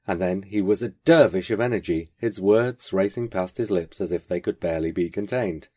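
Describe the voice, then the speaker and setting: A man reading a first-person short story aloud in a measured, wry storytelling manner. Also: sits low, darkish tone, slightly rough. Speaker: podcast host reading a story.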